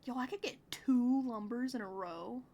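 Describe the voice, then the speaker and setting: A woman's voice: a little high, moderate pace, dark tone, dull audio, slight background noise. A woman streamer giving casual gameplay commentary, chatty and giggly with sudden exclamations.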